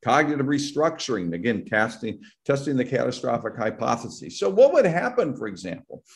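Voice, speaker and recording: A male psychology professor gives an academic talk over a video call. He explains with frequent restarts and repeated words, in a voice of middling pitch. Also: sing-song, a little fast, creaky. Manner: explanatory, acts out patients' worried voices, many restarts.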